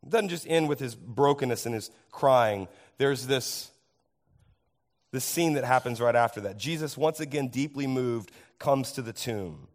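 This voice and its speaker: A man preaching a sermon as pastor, his voice hoarse from overuse, animated and asking the congregation questions. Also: medium pitch, measured pace. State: hoarse, tired voice.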